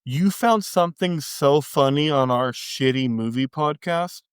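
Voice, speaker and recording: A man's voice: on the high side, unhurried, smooth, no room sound, studio quality. A man from East Texas hosting a movie podcast, brash, joking and profane. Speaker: podcast host. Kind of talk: casual podcast chat.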